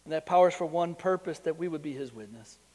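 A man preaching a sermon to his congregation. He asks them rhetorical questions and tells a personal story that builds in excitement. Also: a little high, fast talker, long reverb tail. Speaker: pastor.

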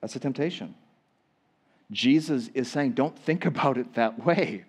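A male pastor preaching a sermon to a church congregation, swinging from loud emphatic lines to hushed ones. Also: medium pitch, lively intonation, unhurried, husky. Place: church sanctuary.

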